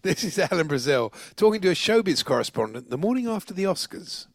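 A man's voice: high-pitched, very animated, fast, no echo, clean studio sound. A man co-presenting radio, introducing clips and chuckling often. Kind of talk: casual chat introducing clips.

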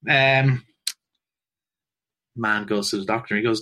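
A man cracking jokes on a podcast, popping into quick voices for the punchlines and laughing at his own gags. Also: lowish voice, fairly even intonation, loud music behind the voice. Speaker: podcast co-host. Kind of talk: telling jokes in casual chat.

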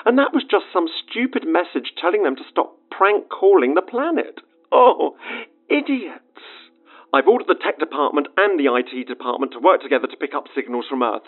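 Man, base director, lively exasperated audio log over a narrow phone-like line with faint music. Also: fairly high pitch. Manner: exasperated, rambling, sarcastic asides. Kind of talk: scripted audio-log monologue.

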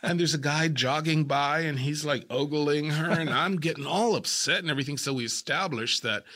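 Bright-voiced middle-aged actor telling stories. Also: male voice, a little high, normal speed. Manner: animated raconteur who acts out quoted lines. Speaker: actor and guest. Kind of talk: casual interview storytelling.

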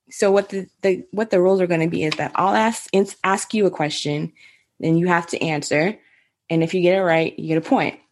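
A woman in her thirties chatting on a casual podcast with a lower pitch than most women. She rambles, leaning on "like" and laughing often as she talks. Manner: rambling, heavy "like" filler, frequent laughter. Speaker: podcast co-host. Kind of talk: casual chat.

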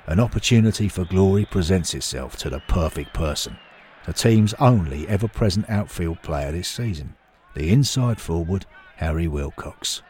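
Low expressive male storyteller. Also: normal speed, a little hiss or hum. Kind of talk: scripted narration.

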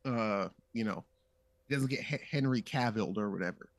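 A man's voice: on the low side, moderate pace, no echo. A man in casual podcast chat, swearing freely and jumping into funny voices to act out scenes. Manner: profane, animated, acts out characters in funny voices.

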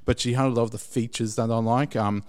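Guy rambling thru a story, mid pitch, keeps restarting his sentences. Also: steady tone, a little mellow, clean tone. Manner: rambling, halting with many restarts. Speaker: guest telling a story. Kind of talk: casual anecdote.

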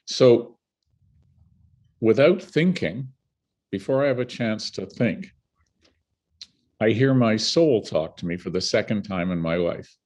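Slowly and with long pauses, an older man from Canada tells vivid stories as a guest, his pitch fairly low. He's animated and laughs between anecdotes.

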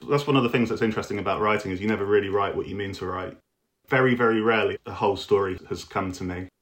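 A man with a very low voice talks about his writing in a musing, thoughtful way. He circles around his ideas with little fillers and repeats. The tone is reflective interview talk. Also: racing. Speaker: author, interview guest.

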